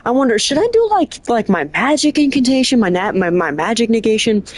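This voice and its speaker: A streamer putting on a carefree player who fusses over buffs while trouble brews next door. The musing is casual and unhurried, in a middle-pitched voice. The sound is dry and close. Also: sing-song, no echo. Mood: idle musing. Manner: casual, absent-minded musing. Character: laid-back gamer dawdling over buffs.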